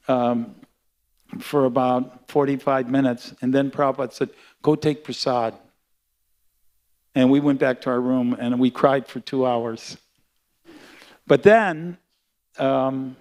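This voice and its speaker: An older man giving a sermon built around a personal memory, speaking in a halting, heartfelt way with frequent restarts. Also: mid-range voice. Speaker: guest speaker at a temple class.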